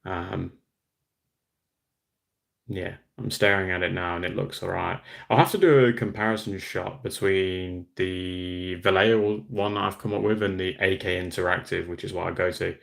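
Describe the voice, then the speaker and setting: A man's voice: sits low, fairly even intonation, moderate pace, creaky, fairly bright tone. A young Australian man from Western Australia hosting a casual livestream, chatting easily and reading out and answering viewer comments. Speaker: livestream host.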